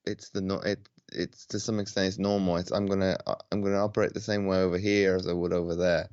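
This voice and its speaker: A man's voice: low voice, level tone, fast talker, darkish tone, dry recording, highs cut off. A laid-back man answering questions as a podcast guest over a video call, often stopping and restarting his sentences. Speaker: podcast guest, paralympic athlete. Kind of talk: casual interview chat.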